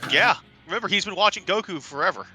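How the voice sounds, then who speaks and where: A man thinking aloud at a tabletop game, his voice very bright and sharp. He speaks with lively ups and downs in pitch, and faint music plays behind him. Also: fast talker. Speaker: player. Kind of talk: casual tabletop game play.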